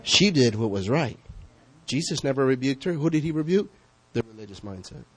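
A man preaching a sermon as pastor, conversational and questioning, swinging between loud calls and hushed asides. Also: mid-range voice, lively intonation, fairly quick, husky. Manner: conversational, asks the congregation questions.

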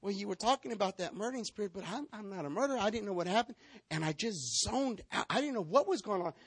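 Acting: 3. Figure: flustered churchwoman, put on by a man. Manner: quick, hushed, complaining. Pitch: high. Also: expressive, breathy edge, no room sound, heavily acted. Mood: confiding. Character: agitated churchwoman in the congregation.

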